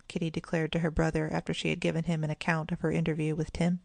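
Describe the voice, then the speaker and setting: A woman narrates a children's storybook in a gentle, even way. Her voice sits low with a gravelly edge of vocal fry. The recording is close and dry, with no room sound. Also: fast talker, hardly any pauses, dry recording. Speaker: audiobook narrator.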